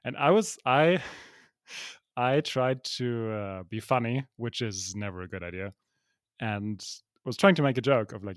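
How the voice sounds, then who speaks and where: A man with a mid-range voice co-hosts a podcast from his apartment, speaking unhurriedly in casual chat and often poking fun at himself. The audio is studio quality with no echo.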